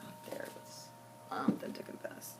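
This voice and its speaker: A woman voicing a male country preacher coaxing his congregation to confess, in a drawn-out preaching cadence. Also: darkish tone, slight background noise, natural voice.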